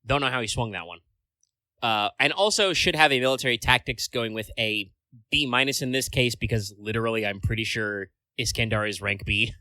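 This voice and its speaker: A man's voice: mid-range voice, fairly quick, bright, forceful tone, dry recording. A man co-hosting a casual podcast chat, rambling along with lots of filler words and casual swearing. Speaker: podcast co-host.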